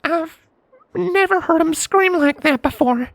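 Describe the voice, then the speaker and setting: A woman voicing a young girl who speaks softly and coaxingly while tending a hurt creature, in a fanfiction audiobook reading. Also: very high-pitched, measured pace, no echo. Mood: worried. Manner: soft, hushed, coaxing.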